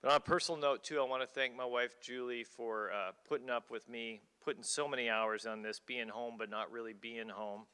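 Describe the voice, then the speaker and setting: Bright-voiced man emceeing in a hall. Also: medium pitch, steady tone, fairly quick, hardly any pauses, clear, resonant tone. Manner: casual, self-deprecating, rambling. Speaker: event organizer, emcee. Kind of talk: thanks and announcements at an awards ceremony. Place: college auditorium. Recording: hall reverb.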